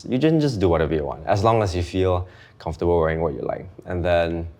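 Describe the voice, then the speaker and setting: Young man from Singapore, low voice, relaxed interview guest. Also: quick pace. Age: young adult. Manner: relaxed, hesitant, with many fillers. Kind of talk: casual interview chat.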